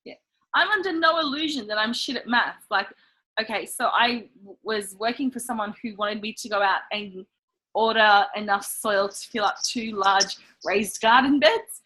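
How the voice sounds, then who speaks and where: A woman's voice: fairly high pitch, moderate pace, sharp tone, rough recording. A woman co-hosting a casual podcast, blunt and self-mocking, swearing freely in her anecdotes. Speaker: podcast co-host.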